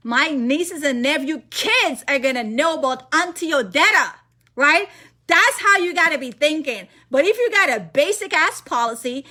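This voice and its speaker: A woman giving an energetic, emphatic sales presentation as a financial presenter, repeating key points to her audience. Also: sits high.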